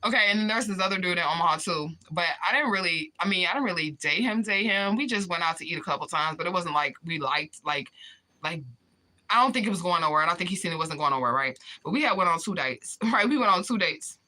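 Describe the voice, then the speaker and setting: A woman hosting a live stream who tells dating stories in a casual, profane and animated way and talks to her chat. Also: fairly low pitch, fast. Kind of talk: casual storytelling vlog.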